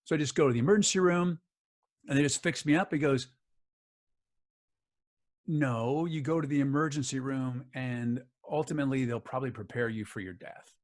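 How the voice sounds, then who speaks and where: A man's voice: medium pitch, normal speed. A middle-aged man telling a personal story in an interview, acting out the other people's lines as he goes. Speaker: guest, author and voice actor.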